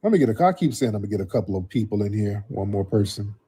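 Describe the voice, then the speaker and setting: A man's voice: fairly low pitch, lively intonation, racing, mellow, slightly rough. A man hosting a call-in livestream, talking bluntly and mocking his callers. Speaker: livestream host. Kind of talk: livestream commentary.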